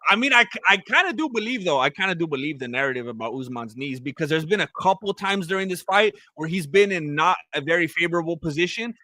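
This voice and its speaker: A man's voice: fairly high pitch, expressive, fast talker, hardly any pauses, pushed and bright, dry recording. A man giving casual, joking play-by-play of a live fight, rambling and repeating himself. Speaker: fight commentator. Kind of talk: casual live fight watch-along commentary.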